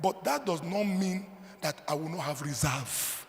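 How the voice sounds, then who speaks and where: A man with a Nigerian accent preaching a sermon, swinging between loud emphatic declarations and quiet low asides. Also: unhurried, slight background noise. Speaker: pastor. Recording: long hall reverb.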